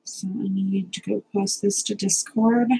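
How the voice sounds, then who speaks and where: A woman's voice: mid-range voice, little pitch movement, measured pace, creaky, warm tone, breathy edge, poor audio. A young woman hosting a casual live stream, chatty, nervous and self-deprecating, swearing now and then as she sorts out technical problems.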